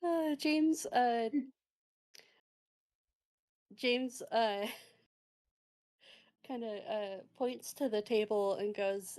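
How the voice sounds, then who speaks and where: A woman's voice: mid-range voice, extremely slow, pauses often, darkish tone. A woman narrating as game master in a rambling way, with many fillers.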